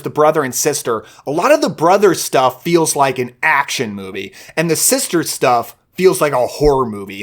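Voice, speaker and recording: Young guy w a lightish voice raving about old movies, excited, talks in fast bursts. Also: a little high. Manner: enthusiastic, gushing with quick bursts. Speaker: film review channel host. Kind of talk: casual movie recommendation talk.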